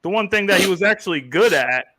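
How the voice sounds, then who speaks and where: A man's voice: high-pitched, animated, fast, pushed and bright, no room sound. A man hosting a casual sports podcast, blunt and joking, and talking to viewers in the chat. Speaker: podcast host.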